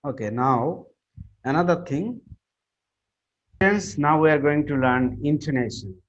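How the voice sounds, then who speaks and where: A man teaching a class on word stress and intonation, often repeating himself and restarting his sentences. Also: fairly high pitch. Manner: halting, repeats himself, many fillers and restarts. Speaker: English teacher. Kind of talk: classroom lecture on pronunciation. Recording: muffled lo-fi recording.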